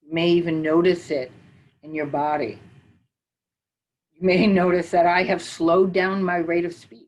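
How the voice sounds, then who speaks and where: An older woman teaching mindfulness, calmly talking and counting breaths slowly through a guided meditation. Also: on the low side, poor audio. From northern United States.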